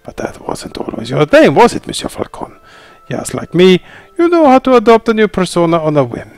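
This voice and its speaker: Guy putting on a smooth fake-spanish fox swindler, lots of swoop in the voice, dry close mic. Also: sits high, huge pitch swings, brisk, a little mellow, no echo, soft background music, full character voice. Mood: sly. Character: suave male fox con man with mock Spanish accent. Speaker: game player voicing characters.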